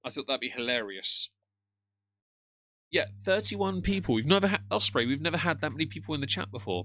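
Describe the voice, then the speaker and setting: Male streamer, bright tone, jokey banter with chat. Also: medium pitch. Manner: greets chat members by name, jokey. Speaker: streamer reacting to a video. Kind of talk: casual live-stream chat.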